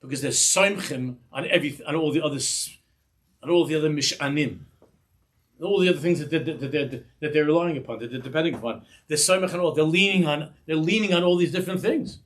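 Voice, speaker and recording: A middle-aged man, a rabbi, giving an animated Torah class, acting out little dialogues and sprinkling in Yiddish and Hebrew words. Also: on the high side, a little fast.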